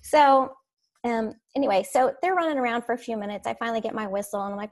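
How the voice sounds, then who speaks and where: A woman teacher telling classroom stories in a casual, animated way, laughing as she goes. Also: a little high, brisk. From Florida. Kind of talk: casual storytelling on a podcast.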